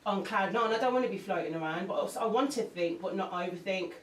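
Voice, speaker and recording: A woman's voice: mid-range voice, fast talker, distant mic, a little hiss or hum. A woman, a singer, speaking candidly and emotionally as an interview guest, rambling with restarts. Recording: roomy sound from off-mic with faint music.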